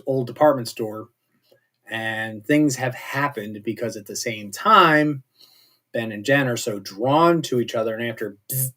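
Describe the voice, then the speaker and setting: A man's voice: mid-range voice, a bit bright. A man casually recapping TV episodes as a show host, chatty and rambling with jokey asides. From not British.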